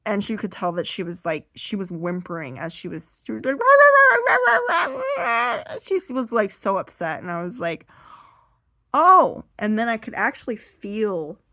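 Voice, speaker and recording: A woman's voice: a little fast, few pauses, no echo. Rambling woman doing self-deprecating stand-up. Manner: rambling, self-deprecating, acts out voices with sudden loud high bursts. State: strained voice from being too loud. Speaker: stand-up comedian. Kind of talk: seated stand-up storytelling.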